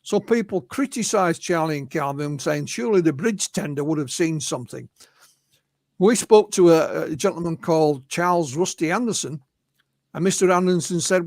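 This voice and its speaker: A man's voice: fairly high pitch, moderate pace, a little mellow, no echo, clean studio sound. A man with an English accent, a guest UFO researcher, telling witness accounts in a storytelling way and often adding "you know". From England. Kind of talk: anecdotal storytelling in an interview.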